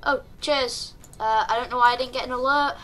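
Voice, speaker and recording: A young woman, chatting through live gameplay commentary with sudden excited yelps and calls to her teammates. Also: sits high, a little fast. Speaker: streamer.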